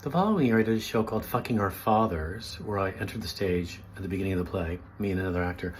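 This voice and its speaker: A middle-aged man, a stand-up comedian, delivering a sardonic comic monologue with campy, self-mocking, deadpan sarcasm. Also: fairly low pitch, husky.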